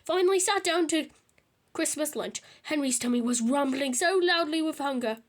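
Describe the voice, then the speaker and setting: A woman reading a children's storybook aloud, lively, with small slips and restarts. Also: high voice, moderate pace.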